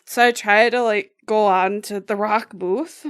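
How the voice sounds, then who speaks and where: A woman with a clear, resonant mid-range voice speaks a little slowly as a podcast co-host. She tells a story in casual conversation, animated throughout, laughing often and doing voices for the people in it.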